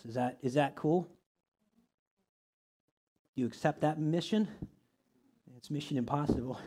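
A man teaching a small church group in a conversational way, reading scripture aloud and asking many rhetorical questions. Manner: reads scripture aloud, shifts pitch and loudness often. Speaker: pastor or teacher.

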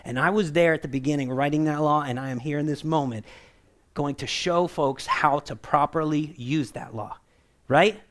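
A man preaching a sermon in a conversational way, often asking "right?" and acting out the voices he quotes. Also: normal speed. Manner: acts out quoted voices with shifts in pitch and loudness.

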